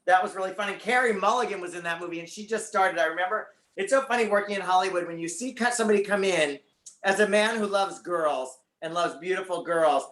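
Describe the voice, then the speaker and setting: A man's voice: high-pitched, fast, fairly bright tone, reverberant. A man as a guest on a talk show, chatting casually and animatedly about his career. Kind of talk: casual interview chat.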